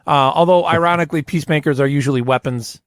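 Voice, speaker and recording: A man's voice: a little high, fast talker, no echo. A man hosting a comedy podcast in casual chat, rambling and restarting as he tells stories. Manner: rambling, self-interrupting storyteller. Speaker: podcast host.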